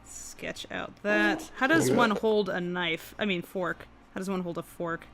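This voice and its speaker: A woman's voice: fairly low pitch, unhurried, heavy background noise. A woman co-hosting a casual live stream, chatty and thankful, with many fillers and laughs. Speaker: co-host, animator.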